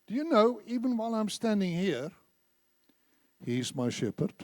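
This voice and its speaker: A man's voice: sits high, sing-song, moderate pace, dry recording. A man preaching a sermon in a church, emphatic, repeating phrases and leading the congregation in reciting scripture. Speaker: church speaker.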